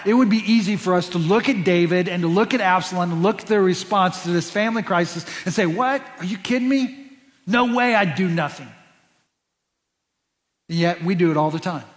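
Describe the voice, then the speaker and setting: A man's voice: high voice, big-room sound. A man preaching a sermon as pastor, stressing points by repeating words and restarting phrases. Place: church sanctuary.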